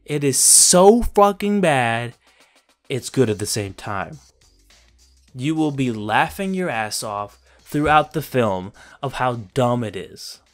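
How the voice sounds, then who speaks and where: A man's voice: mid-range voice, expressive, unhurried, fairly bright tone, faint music behind. A man giving a casual, profane and sarcastic review of a film he finds ridiculous, laughing as he rants. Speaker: movie reviewer. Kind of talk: casual ranting movie review.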